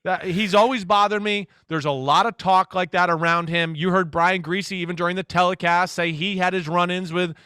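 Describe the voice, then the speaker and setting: A man in his forties with a high, bright voice tells a story from his playing days, jumping into loud acted-out quotes. The sound is dry and close, with no room around it. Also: moderate pace, hardly any pauses, clean tone, no echo. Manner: animated storytelling, acts out quotes loudly. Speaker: former quarterback, guest. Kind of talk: casual radio interview.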